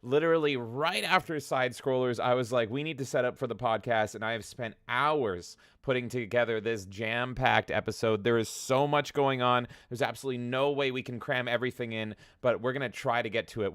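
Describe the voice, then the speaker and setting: Male gaming podcast host, excitable and profane, bright crisp voice, dry close sound. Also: mid-range voice, no echo. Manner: excitable, swears, rapid exclamations. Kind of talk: energetic casual chat.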